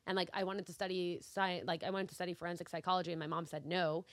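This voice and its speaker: A woman from New York, co-hosting a podcast, telling family stories in an animated way. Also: fairly low pitch, fast, dry recording. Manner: animated storyteller. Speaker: podcast co-host. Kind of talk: casual chat.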